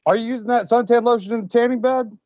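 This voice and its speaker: A man's voice: very high-pitched, steady tone, quick pace, warm tone, no room sound. A man co-hosting a podcast, bantering and teasing his co-host in casual chat. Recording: muffled lo-fi sound.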